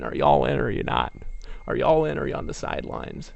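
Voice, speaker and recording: A man's voice: on the high side, fairly even intonation, racing, vocal fry, few pauses, dry recording. A man giving a persuasive motivational sales talk, telling stories and firing off rhetorical questions. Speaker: network marketing presenter.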